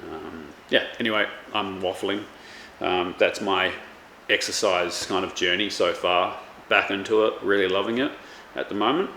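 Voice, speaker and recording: Aussie guy, deep voice, rambly vlog chat with lots of ums, faint hiss behind. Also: steady tone, normal speed, pushed and bright. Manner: rambling, many fillers and restarts. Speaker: chef and vlogger. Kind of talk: casual chat. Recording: echoey room with faint background noise.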